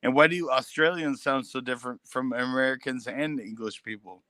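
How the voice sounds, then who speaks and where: Man, livestream guest, bright edgy voice, loose swearing, dry close sound. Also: medium pitch, normal speed, no echo. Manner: loose, swearing, wondering aloud. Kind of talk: casual livestream chat.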